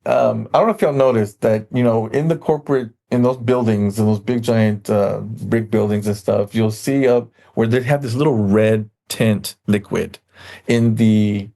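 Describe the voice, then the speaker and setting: A man's voice: fairly low pitch, fairly even intonation, normal speed, creaky, warm tone. A man chatting casually on a podcast, telling rambling stories and acting out the people in them. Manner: rambling storyteller, acts out quoted people. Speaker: podcast guest.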